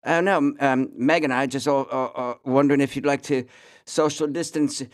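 Posh stammering British royal put on by a man, pitched well up and loud, all uh and um. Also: steady tone, lightly acted. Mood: eager. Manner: halting, full of uh and um.

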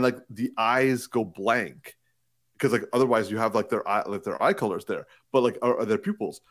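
Excitable podcast co-host, rambling. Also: male voice, medium pitch. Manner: excitable, laughs often, rambling restarts. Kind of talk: casual chat.

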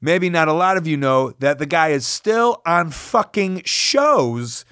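Animated storytelling man, slightly high, dry. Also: measured pace, smooth, no room sound. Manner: animated, swearing, self-mocking. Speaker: podcast host. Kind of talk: storytelling monologue.

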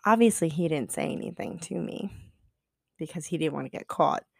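A woman's voice: low voice, moderate pace, vocal fry, a little mellow, husky, no echo, studio quality. A woman podcast co-host telling a casual story, chatty and profane, full of "like" and acted-out quotes. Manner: chatty, profane, heavy use of "like"; acts out quoted dialogue.

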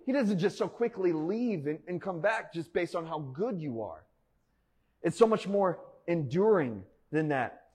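A man's voice: on the high side, a little slow, husky. A man preaching a sermon in a conversational way, telling a personal story with frequent "like" fillers and laughter. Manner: conversational, animated, laughs often, many "like" fillers. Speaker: pastor.

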